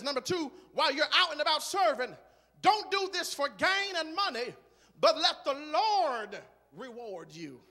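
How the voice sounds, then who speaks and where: Man, church preacher, very high voice, bright tone, rhythmic, builds to shouting. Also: in a large hall. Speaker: guest preacher. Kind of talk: sermon. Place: large church sanctuary.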